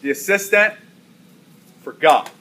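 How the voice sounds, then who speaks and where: A man's voice: high voice, expressive, slow, fairly bright tone. A man preaching a sermon, telling a story and repeating key lines for emphasis. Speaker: pastor.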